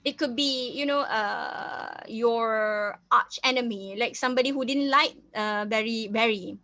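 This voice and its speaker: A woman's voice: a little high, measured pace, sharp tone, dry recording. A woman with a Malaysian English accent, teaching a reading lesson. She often repeats herself, restarts phrases and slips into Malay. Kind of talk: reading lesson, explaining a story.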